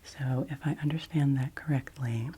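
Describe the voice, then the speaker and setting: A woman making an ASMR video, speaking in a soft, affirming whisper into a binaural mic and moving between the ears. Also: extremely low pitch, steady tone, moderate pace, background noise. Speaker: ASMR creator.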